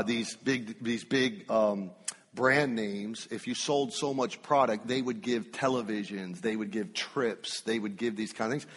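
A man preaching a sermon, telling a personal story with emphatic, drawn-out phrasing. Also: mid-range voice, husky, long reverb tail.

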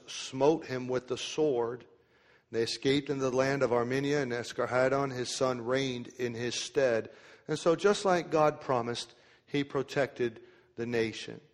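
A male preacher delivers a sermon, slowing down to read scripture aloud and then explaining it in everyday speech. His voice sits at an ordinary middle pitch. A long reverb trails his words through the church. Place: church sanctuary.

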